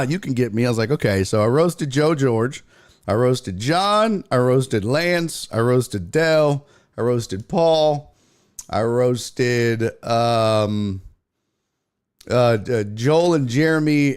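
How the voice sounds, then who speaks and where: A man hosting a sports stream, talking loosely and swearing as he calls out viewers in the chat. His pitch jumps around a lot, and he springs up high whenever he acts out a line. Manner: loose, profane, shouts out chat viewers by name; lively, jumpy pitch when retelling. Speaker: sports podcast host. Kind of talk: casual livestream chat.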